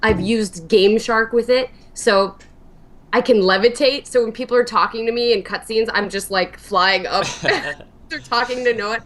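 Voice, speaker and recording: A woman's voice: on the high side, a little slow, fairly bright tone, a little hiss or hum. A young woman from New Jersey, a guest streamer, rambling chattily with fillers and swearing. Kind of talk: casual interview chat.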